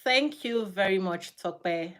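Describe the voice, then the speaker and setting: Emphatic middle-aged woman guest. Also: slow. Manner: emphatic, laughs often, rises high when animated. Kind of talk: emphatic casual interview talk.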